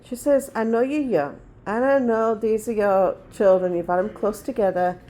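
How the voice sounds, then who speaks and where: A woman's voice: medium pitch, fairly even intonation, normal speed, warm tone. A woman in her forties chatting casually to her viewers, blunt and rambling as she tells stories. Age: 40s. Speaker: vlogger. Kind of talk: casual chat.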